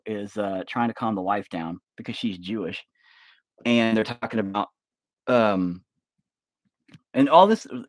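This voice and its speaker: A man hosting a livestream who rambles through a casual film pitch, full of fillers and swearing. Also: dry recording. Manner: rambling, filler-heavy, profane. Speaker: livestream host.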